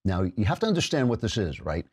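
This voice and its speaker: A husky, fairly low-voiced man delivers a political commentary monologue as the show's host. His tone is sarcastic and mocking, and his pitch swings widely from low grumbles up to high, incredulous jabs. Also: big pitch swings, fast. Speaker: podcast host.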